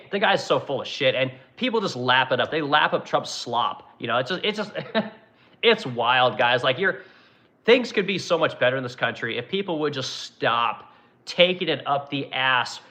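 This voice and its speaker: Man, livestream host, ranting, blunt, profane, answers chat comments, sharp forceful voice, lo-fi audio. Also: mid-range voice. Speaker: furniture manufacturer and livestream host.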